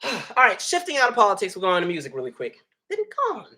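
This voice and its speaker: A man hosting a casual live stream, reading viewer comments and talking freely, animated and laughing often. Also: sits high, quick pace. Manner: animated, laughs often, jumps between soft asides and loud bursts. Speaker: host.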